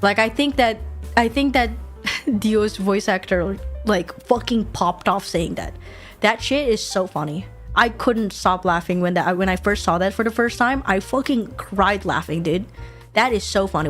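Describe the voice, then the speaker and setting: Young woman streamer, excitable and giggly, casual chat, low music bed. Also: moderate pace. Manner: giggly, excitable, swears casually, repeats quotes.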